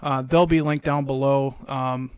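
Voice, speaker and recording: A man's voice: mid-range voice, steady tone, a little slow, darkish tone, clear, resonant tone, no room sound, studio quality. A man co-hosting a podcast, talking casually and walking through game plays step by step. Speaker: podcast co-host. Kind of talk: casual chat.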